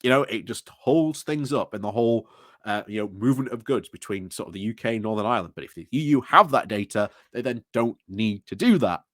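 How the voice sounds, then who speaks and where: A man's voice: lowish voice, lively intonation, fairly quick, fairly bright tone, dry recording, studio quality. Sarcastic man. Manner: sarcastic, chuckling, rambling with restarts. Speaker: political commentator. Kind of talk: opinionated video commentary.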